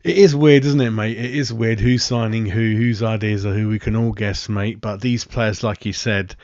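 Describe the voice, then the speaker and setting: A man hosts a live football fan stream in a chatty, rambling way, answering viewers and calling them mate between throat-clears. His voice sits a little low. The sound is dry and close, slightly muffled like lo-fi stream audio. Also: flat delivery, normal speed, darkish tone, no room sound. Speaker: football fan channel host.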